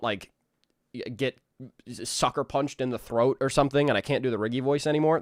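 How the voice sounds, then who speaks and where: A man's voice: medium pitch, no room sound, clean studio sound. A man in his twenties chatting casually with viewers on a live stream, rambling and restarting his sentences. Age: 20s. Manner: rambling, restarts, laughs easily. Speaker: animator streamer.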